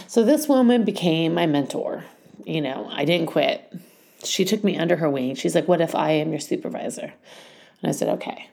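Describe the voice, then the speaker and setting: A woman's voice: low-pitched, animated, moderate pace, gravelly, a little mellow. A middle-aged woman who founded a school, talking in a rambling, heartfelt podcast monologue and getting emotional. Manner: rambling, heartfelt, many fillers.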